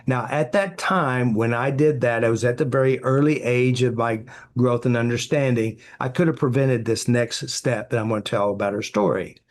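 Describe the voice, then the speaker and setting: A man's voice: mid-range voice, moderate pace, few pauses. A man, a therapy practitioner, answering interview questions with anecdotes, acting out quoted dialogue and filling with "you know".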